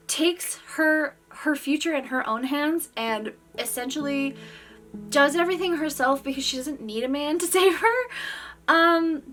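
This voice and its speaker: A woman in her thirties, an author chatting to her viewers in an excited, gushing way, in quick bursts. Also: sits high, far from the mic. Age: 30s. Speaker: author and vlogger. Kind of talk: casual chat to camera.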